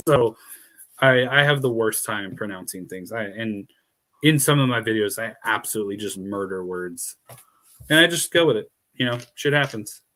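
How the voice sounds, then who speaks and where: Guy w a lisp chatting on stream, kinda low voice, laughs a lot. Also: animated, moderate pace, bright, forceful tone. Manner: rambling, laughs often, swears casually. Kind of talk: casual chat.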